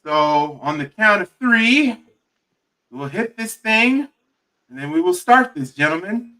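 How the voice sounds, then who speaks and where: Bright-voiced joking host in his thirties. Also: sits high, animated, slow, low-quality recording. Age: early 30s. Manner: joking, leads the group. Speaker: podcast host. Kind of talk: casual group watch-along chat.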